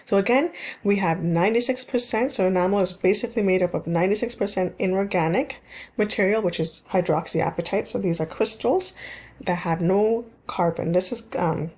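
A woman's voice: mid-range voice, fairly quick, a little mellow. A woman teaching dental hygiene in a recorded slide lecture, explaining in plain terms and repeating key points, with frequent ums and restarts.

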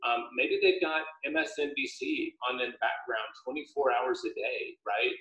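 A man, an author speaking as a guest, chatting casually on a video call with a steady, upbeat, explanatory manner. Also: medium pitch, normal speed. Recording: echoey room, dull lo-fi audio.

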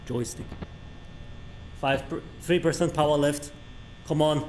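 A young man streaming a horror game, reacting excitably, swearing often and shouting when startled. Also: a little high, unhurried, pauses often, soft background music.

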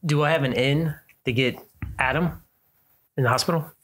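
A man's voice: fairly high pitch, normal speed, fairly bright tone. A man playing in a tabletop role-playing game, speaking casually as his character. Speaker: player.

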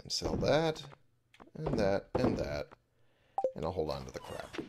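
A man's voice: low voice, big pitch swings, a little slow, heavy background noise. A man giving casual gameplay commentary, muttering and swearing to himself in frustration. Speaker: let's play gamer. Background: game music.

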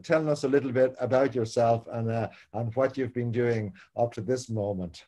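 A man's voice: medium pitch, normal speed, hardly any pauses, warm tone. Stammering Irish American man telling stories. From Ireland. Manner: stammering, repeats words, anecdotal. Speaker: producing director, moderator. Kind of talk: talkback Q&A on a video call.

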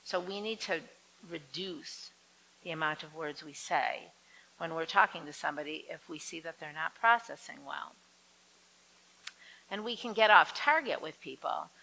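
A woman lecturing an audience on dementia care, lively and acting out quoted voices. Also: moderate pace, vocal fry, poor audio. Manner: lively, acts out quoted voices with big swings in pitch.

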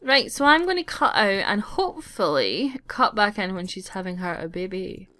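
A chatty woman talks through a life-simulation game as she plays. She giggles often and scolds the characters, her voice sitting at an ordinary middle pitch. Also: sing-song, moderate pace, pushed and bright, dry recording. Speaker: gaming channel host. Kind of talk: casual let's play commentary.

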